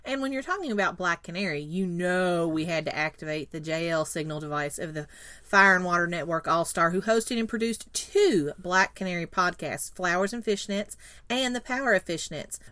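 A woman's voice: lowish voice, expressive, normal speed, a bit bright, dry recording. A woman co-hosting a podcast, introducing a guest playfully and reading an episode plot summary. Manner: teasing, playful. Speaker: podcast co-host. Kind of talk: casual chat and scripted episode recap.

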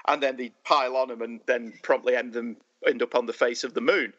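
A man co-hosting a casual movie discussion, thoughtful and measured with dry humor. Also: medium pitch, steady tone, fairly bright tone, dull audio. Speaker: podcast co-host.

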